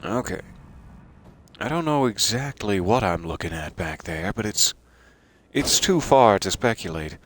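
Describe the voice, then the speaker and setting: Lively low-voiced man commentating a game. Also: unhurried, slight background noise. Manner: playful and theatrical, chatting to game characters and viewers; self-deprecating asides. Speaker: let's play streamer. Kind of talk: casual gameplay commentary.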